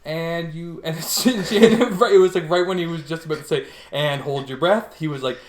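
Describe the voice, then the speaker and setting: A man's voice: on the high side, fairly quick, a crowd in the background. A young man co-hosting a podcast, telling a story in casual chat, swearing often and laughing as he goes. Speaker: podcast co-host. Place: a house. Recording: echoey room.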